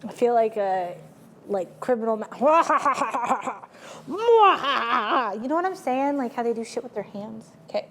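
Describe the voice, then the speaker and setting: A woman's voice: on the high side, lively intonation, takes it slowly, fairly bright tone, long reverb tail, slight background noise. A woman chatting playfully while she cooks, joking and rambling through asides. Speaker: home cook vlogger. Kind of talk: casual cooking vlog chat.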